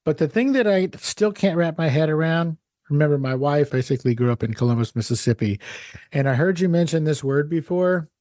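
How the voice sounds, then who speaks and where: A man's voice: on the high side, animated, fairly quick, a little mellow, no room sound, clean studio sound. A man hosting a podcast, asking curious questions with a joking, easygoing manner. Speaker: podcast host. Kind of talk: casual interview chat.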